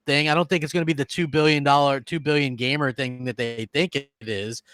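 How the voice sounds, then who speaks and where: A man's voice: medium pitch, steady tone, a little fast, fairly bright tone, no echo. A man co-hosting a casual gaming podcast, opinionated and emphatic, often repeating himself. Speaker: podcast co-host.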